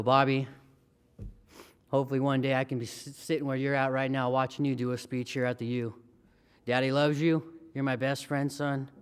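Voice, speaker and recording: A man's voice: mid-range voice, clean tone. A man in his thirties giving a heartfelt, emotional acceptance speech as a hall of fame inductee.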